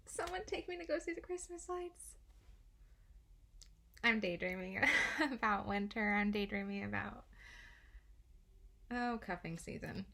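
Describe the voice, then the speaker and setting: A young woman talking through a casual card reading, chatty and giggly, dropping swear words with ease. Her pitch sits in a middle range. Faint noise runs under the recording. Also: creaky, fairly bright tone. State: out of breath. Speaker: tarot card reader.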